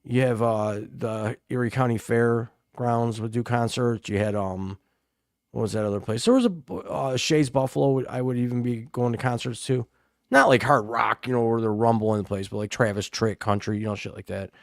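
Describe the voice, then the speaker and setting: A man's voice: medium pitch, steady tone, normal speed, dry recording, studio quality. A middle-aged man, co-hosting a casual chat and telling rowdy, profane stories full of acted-out quotes. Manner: rowdy storyteller, swears freely, acts out quotes. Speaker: podcast co-host.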